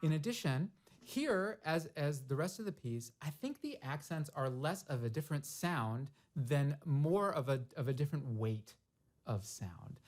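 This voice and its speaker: A man teaching snare drum, explaining step by step in a thoughtful way and singing rhythms out loud in a practice studio. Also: fairly high pitch. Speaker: percussion teacher. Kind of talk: instructional demonstration.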